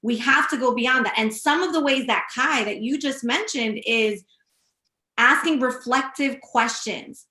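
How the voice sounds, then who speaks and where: Woman, host, slightly high voice, casual chat, roomy echo. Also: measured pace, bright, forceful tone. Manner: emphatic, summarizing and prompting the guest.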